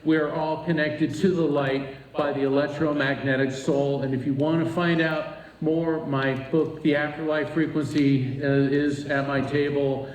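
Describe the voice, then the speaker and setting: A man's voice: a little high, a little slow. A man from Florida telling a personal story to a live audience, acting out the voices of people in it. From East Coast Florida. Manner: animated, acts out voices in his story. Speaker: speaker at a retreat. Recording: echoey room, voice from a distance.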